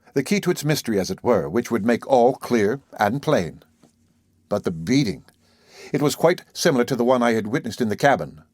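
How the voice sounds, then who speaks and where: Brief: male audiobook narrator, mid-pitched, measured and dramatic, dry close mic. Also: a little mellow, no echo. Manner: measured, dramatic first-person reading.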